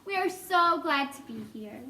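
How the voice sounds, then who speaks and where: An earnest, polite young boy from a storybook , as a woman reading puts him on. He recites rhyming introductions with cheerful sincerity in a high, light voice. A roomy echo sits around him. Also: lively intonation, a little slow, sharp tone, a little hiss or hum, full character voice.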